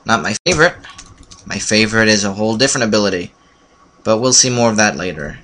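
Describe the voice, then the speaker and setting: A man giving casual, playful commentary while playing a video game, with sudden excited yelps and frequent fillers. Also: lowish voice, slight background noise. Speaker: let's play commentator. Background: keyboard typing and clicks.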